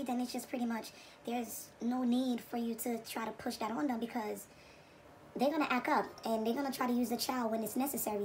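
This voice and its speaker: A woman's voice: a little high, slight background noise, rough recording. A woman hosting a reaction video, giving preachy commentary and repeating her points for emphasis.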